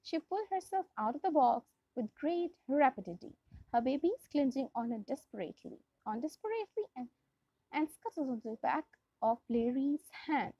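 Pakistani teacher lady reading a story out loud, high and kinda breathy, dull dry lo-fi sound. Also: normal speed, dry recording. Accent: Pakistani English. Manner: expressive read-aloud, often restarts phrases. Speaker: English teacher. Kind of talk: reading a storybook aloud in class.

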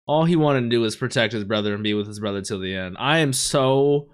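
A man reacting live to an anime episode, swinging between hushed dismay and loud excited outbursts. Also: medium pitch, fairly quick, clear, resonant tone, soft background music. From United States.

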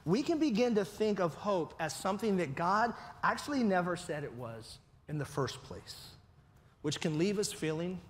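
A man's voice: high voice, big pitch swings, normal speed. A man preaching a sermon as pastor, talking in a conversational way and often checking in with his listeners. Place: church hall. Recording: long reverb of a church hall.

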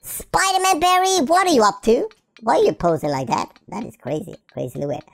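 A woman voicing a hyper, silly young female puppy while playing a video game, excitable and goofy, jumping between squeals and low mutters. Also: fairly quick, vocal fry, dry recording, heavily acted. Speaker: gameplay commentator. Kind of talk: playful in-character game commentary.

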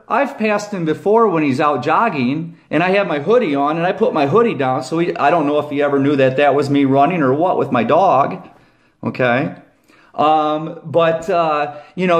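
Middle-aged man, former cop, rambling monologue, keeps repeating himself, somewhat high voice. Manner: rambling, repeats "Okay?" and "I said", raises voice acting out his own past shouts. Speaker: former police officer. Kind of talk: casual monologue to camera.

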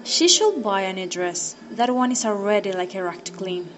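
A woman's voice: medium pitch, expressive, normal speed, soft background music. A woman commenting on a story in scripted stage dialogue, making blunt, matter-of-fact remarks. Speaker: onstage commentator.

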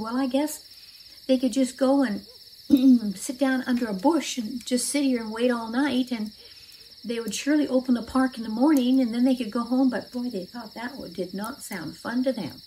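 A woman telling a children's Bible story aloud, asking her listeners questions and acting out the characters' shouts. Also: on the high side, a little hiss or hum, low-quality recording.

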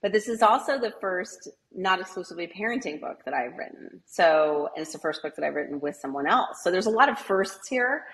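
Lively conversational woman, low voice. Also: rough recording. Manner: conversational, many fillers and quick asides. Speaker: author and educator guest. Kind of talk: animated interview answer, acting out classroom dialogue.

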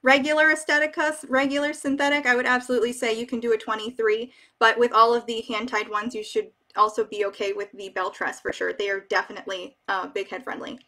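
A woman's voice: a little high, flat delivery, fast talker, few pauses, pushed and bright. A young woman hosting a casual live stream, reading viewer comments aloud and chatting emotionally with many fillers. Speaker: wig shop ambassador hosting a live stream.

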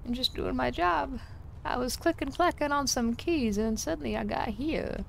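A woman's voice: high-pitched, moderate pace, creaky, slight background noise, voice pushed up. A woman putting on a Southern accent to voice a put-upon male office worker. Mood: drawling. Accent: American Southern.

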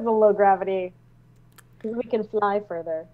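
A woman scientist riffing on a movie in casual chat, animated and quick to laugh and exclaim. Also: mid-range voice, dull audio. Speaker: scientist guest.

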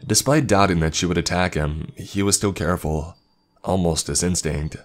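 A man narrating a horror story in a measured, ominous scripted delivery. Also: low-pitched. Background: faint background music.

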